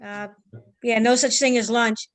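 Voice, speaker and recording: A woman's voice: a little high, steady tone, a little slow, no echo. A woman in a church study group, explaining things in a plain, straightforward way. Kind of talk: group discussion.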